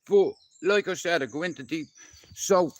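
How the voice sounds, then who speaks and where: A man's voice: a little high, normal speed, no room sound. A man telling a personal story on a casual live stream, blunt and heavily profane, talking straight to a listener. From Dublin, Ireland.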